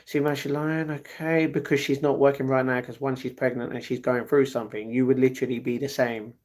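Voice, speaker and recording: A man's voice: mid-range voice, little pitch movement, brisk, a little mellow. A young man hosting a casual livestream, chatting loosely and replying to viewers' comments one after another. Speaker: livestream host reading chat.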